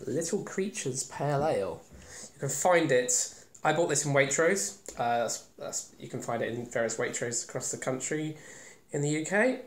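Chatty man reviewing beer, roomy sound. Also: medium pitch. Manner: chatty, rambling, self-deprecating. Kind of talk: casual solo beer review. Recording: roomy echo.

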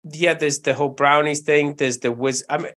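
A man co-hosting a podcast, chatting in a relaxed, joking way about a film. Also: fairly high pitch, moderate pace. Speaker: podcast co-host. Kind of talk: casual film chat.

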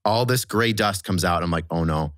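Brief: male podcast guest, bright forceful voice, crude animated storyteller, dry close mic. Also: lowish voice, moderate pace, no echo. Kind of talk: casual storytelling.

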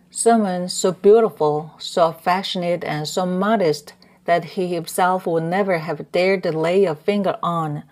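Give me a woman with a lowish voice reading a novel aloud in measured narration. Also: a little mellow. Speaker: audiobook narrator. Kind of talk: scripted narration.

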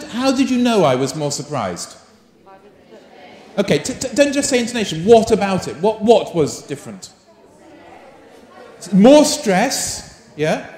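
A man running a live teacher-training workshop, coaxing the audience and firing questions at them. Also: high voice. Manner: animated, coaxing, asks the room many questions. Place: large conference hall. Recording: roomy echo of a large hall.

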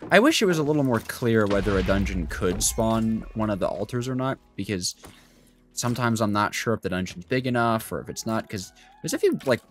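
Chatty young man with a lowish voice. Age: young adult. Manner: chatty, rambling with fillers and asides. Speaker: gaming YouTuber. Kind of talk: let's play commentary.

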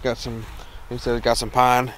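A man's voice: mid-range voice, monotone, normal speed, fairly bright tone. A man with a Southern American accent, casually vlogging outdoors about his homestead in a rambling, enthusiastic way with many restarts. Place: outdoors in a yard. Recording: faint outdoor noise.

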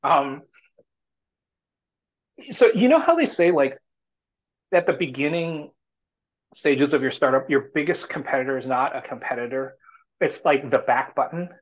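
A man's voice: mid-range voice, expressive, a little slow, pauses often. A man talking as a startup CEO guest in a casual live talk, rambling and full of fillers and restarts. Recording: muffled lo-fi audio.

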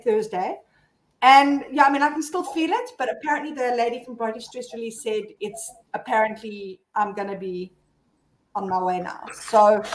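A woman's voice: a little high, a little hiss or hum, rough recording. A woman from South Africa hosting a live-stream chat, telling stories in a chatty way. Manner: chatty storyteller, lively retold dialogue. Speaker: host.

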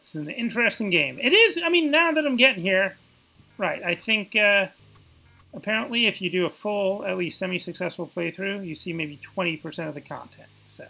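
Gravelly, wry man streaming old games. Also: high-pitched, lively intonation, fairly quick, sharp tone, soft background music. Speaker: game streamer. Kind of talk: casual gameplay commentary.

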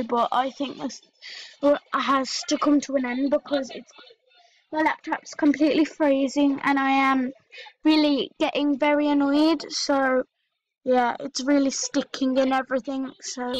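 A woman's voice: high-pitched, slight background noise, rough recording. A woman vlogging, ranting in exasperation at her freezing laptop and apologizing to her viewers. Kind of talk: frustrated vlog rant.

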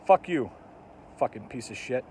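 A man's voice: mid-range voice, expressive, normal speed, mellow, a little hiss or hum. A man delivering a profane, mocking comedic rant, swearing nonstop in an angry tone. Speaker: comedic ranter, channel host.

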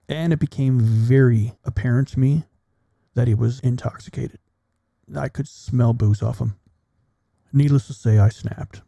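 A middle-aged man and military veteran, a podcast guest, telling a personal story bluntly and with plenty of swearing, in a measured delivery. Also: medium pitch, dark tone, breathy edge, no echo, muffled recording.

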